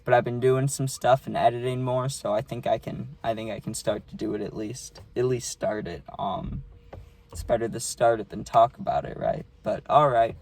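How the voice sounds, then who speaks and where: A man's voice: medium pitch, fairly even intonation, moderate pace, gravelly, darkish tone. A young man vlogging a casual storytime, rambling and swearing, with many fillers.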